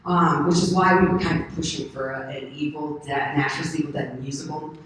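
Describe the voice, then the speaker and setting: A woman's voice: low-pitched, brisk. Rambling woman on an echoey convention stage. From United States. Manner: rambling, animated, laughs often. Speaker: convention panel guest. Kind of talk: convention panel Q&A. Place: large convention hall. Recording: echoey hall from far off, faint noise.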